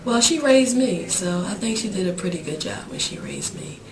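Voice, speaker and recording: A woman's voice: medium pitch, animated, moderate pace, music in the background. A young woman speaking as an incarcerated mother in a documentary interview, talking casually and hesitantly with many fillers. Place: prison visiting area. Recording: echoey room with crowd behind.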